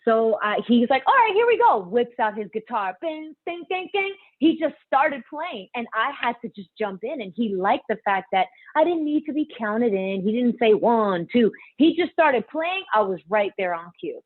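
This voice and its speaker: A young woman singer tells lively stories, slipping into other people's voices and laughing easily. Her voice sits a little high, and the sound is thin and phone-like. The recording is dry and close, with no room around it. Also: moderate pace, hardly any pauses, no room sound. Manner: animated, acts out quotes, laughs often. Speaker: singer and guest. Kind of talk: storytelling in a casual interview. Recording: tinny phone-line sound.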